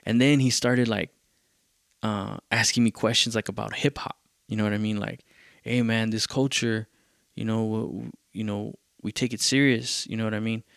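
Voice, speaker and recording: A man's voice: lowish voice, fairly even intonation, moderate pace, creaky, a bit bright, no echo, clean studio sound. A man hosting a podcast, telling a rambling, profane story in a casual way and quoting people along the way. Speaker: podcast host.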